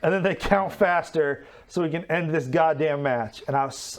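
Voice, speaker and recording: A man's voice: on the high side, normal speed. A man giving casual commentary on old wrestling footage, candid and self-critical, swearing freely. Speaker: show host.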